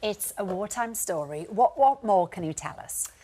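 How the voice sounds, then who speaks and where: A woman hosting a TV chat show, opening with a smooth scripted introduction and then asking friendly questions. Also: mid-range voice, lively intonation, normal speed, mellow. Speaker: TV host. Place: TV studio.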